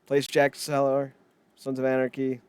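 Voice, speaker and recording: A man's voice: mid-range voice, completely flat delivery, moderate pace, clean tone, no echo. A man co-hosting a wrestling podcast, casual chat, opinionated, rambling and jokey. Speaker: podcast co-host.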